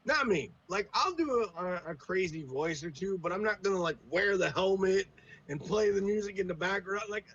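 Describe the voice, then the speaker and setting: A man's voice: high voice, animated, moderate pace, a bit bright, lo-fi sound. A man who runs tabletop games, talking in a laid-back, profane way as a podcast guest. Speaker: podcast guest, game master. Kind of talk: casual chat.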